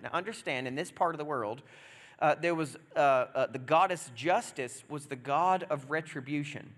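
A man preaching a sermon in a chatty, joking way, acting out the story with sudden loud exclamations. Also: fairly high pitch, normal speed. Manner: animated, jokey, acts out scenes with loud exclamations. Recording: long reverb of a large hall.

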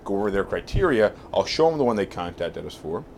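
Low-voiced man explaining plainly. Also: fast, slight background noise. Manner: relaxed, plain-spoken, explains at length. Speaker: real estate agency head hosting a team chat. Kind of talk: casual group chat, then workplace talk.

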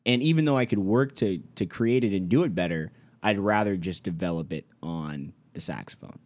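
A man's voice: low voice, brisk, no room sound. A man from Orlando co-hosting a podcast in casual banter, laughing often and repeating himself when flustered. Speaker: podcast co-host.

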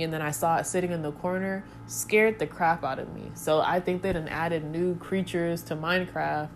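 A woman's voice: on the low side, fairly even intonation, normal speed, hardly any pauses, a little hiss or hum. A young woman chatting casually to her viewers, rambling with goofy asides. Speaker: vlogger. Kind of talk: casual chat to camera.

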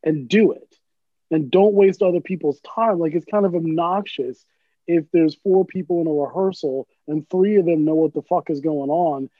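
Talking at normal speed in a voice on the high side, a man rambles through casual chat, cursing freely and making self-deprecating jokes. The audio is dry and tinny, phone-like, with no room sound.

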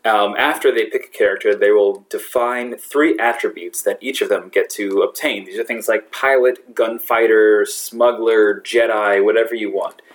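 A man's voice: on the low side, steady tone, normal speed, hardly any pauses. A man narrating a tabletop role-playing game as game master, laughing often and restarting sentences. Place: brewery.

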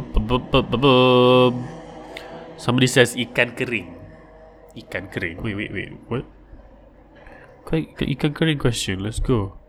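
A man's voice: on the low side, a bit bright, a little hiss or hum. A man hosting a casual livestream, answering listener questions in a rambling, joking way. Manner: rambling, joking, acts out little scenes in silly voices.

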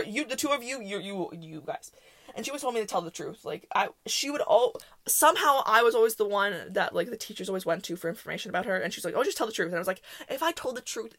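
A young woman hosting a podcast, telling chaotic stories from school in a casual, animated way, acting out the people she quotes. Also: a little high. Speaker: podcast host. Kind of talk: casual storytelling.

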